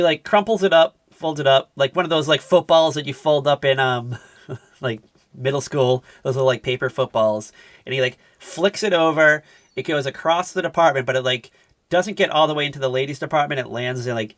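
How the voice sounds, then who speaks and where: A young man co-hosting a podcast, casually retelling a sitcom episode with lots of fillers and animated asides. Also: mid-range voice, brisk, no room sound. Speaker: podcast co-host. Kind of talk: casual recap chat.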